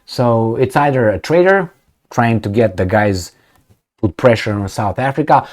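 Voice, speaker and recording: A man's voice: medium pitch, animated, a little slow. Sarcastic man riffing on the news. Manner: sarcastic and joking, laughs often. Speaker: political commentary vlogger. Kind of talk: casual news commentary, reading articles aloud.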